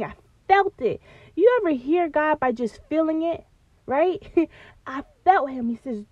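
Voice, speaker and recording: A woman's voice: high voice, expressive, a little slow, no room sound, narrow, tinny audio. A woman hosting a faith podcast, talking earnestly and preacherly. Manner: earnest, preacherly, addresses listeners as y'all. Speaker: podcast host. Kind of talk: faith-based podcast talk.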